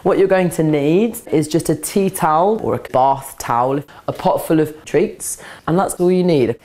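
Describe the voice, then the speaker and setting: A woman dog trainer, calmly explaining a scent game step by step while softly praising and cueing a dog. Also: sits low, normal speed. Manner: calm, practical explaining, breaking into soft praise and commands to a dog. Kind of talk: instructional demonstration. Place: indoors, training session with a dog.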